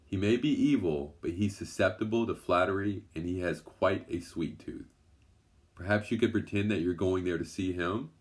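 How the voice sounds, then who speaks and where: A man voicing a wise, helpful brown bear in a storybook who gives calm advice. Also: low-pitched, moderate pace, natural voice. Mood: advising.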